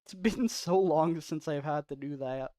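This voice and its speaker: A man's voice: on the high side, unhurried, dry recording. A man streaming a game, chatting casually and rambling in a self-deprecating way. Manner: soft-spoken off stream. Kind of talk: casual livestream chat.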